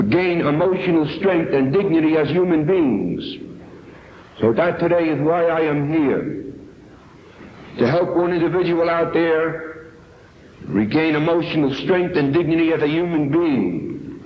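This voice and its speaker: A man's voice: a little high, a little slow, slight background noise. A man from New York giving an earnest, emphatic personal testimony at a recovery meeting. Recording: echoey, dull 1970s tape recording.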